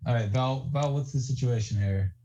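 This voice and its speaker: A man's voice: mid-range voice, moderate pace, dark tone, lo-fi sound. A man playing in a tabletop game, chatting casually with lots of fillers. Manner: hesitant, filler-heavy. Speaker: player.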